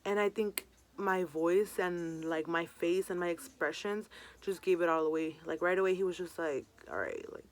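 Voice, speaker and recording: Chatty young woman, slightly low voice. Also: steady tone, normal speed. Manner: chatty, many fillers like "um" and "like". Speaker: vlogger. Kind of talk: casual storytime.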